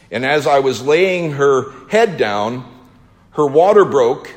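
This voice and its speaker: Slow dramatic man in a reverberant hall. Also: a little high. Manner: slow, theatrical storytelling with emotional swells. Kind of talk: first-person dramatic monologue.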